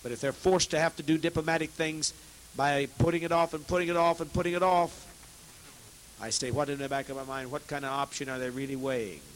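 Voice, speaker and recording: Impassioned male preacher, loud then hushed. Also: fairly high pitch, fairly even intonation, brisk, a little hiss or hum, poor audio. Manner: swings from loud, forceful outbursts to hushed, heavy tones; repetitive, exhorting. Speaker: preacher addressing a congregation. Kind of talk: impassioned sermon.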